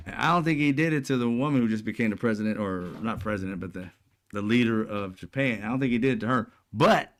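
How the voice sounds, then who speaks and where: A man hosting casual political commentary, talking bluntly with profane slang and a mocking, sarcastic edge. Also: mid-range voice. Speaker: commentary channel host.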